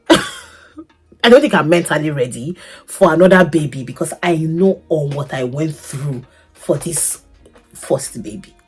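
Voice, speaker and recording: Lively young woman telling a story. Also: low voice, measured pace, long pauses, husky, faint music behind. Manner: animated, laughing, swings between loud outbursts and soft asides. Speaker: vlogger. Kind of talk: casual storytelling to camera.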